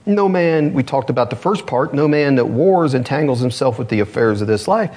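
A man preaching a sermon to his congregation, animated and asking rhetorical questions. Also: mid-range voice, brisk. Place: church congregation.

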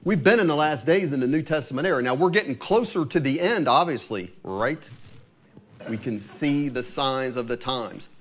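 A man's voice: medium pitch, lively intonation, normal speed. A man preaching a conversational sermon in a church, often asking his listeners tag questions like "right?". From Ohio. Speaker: pastor.

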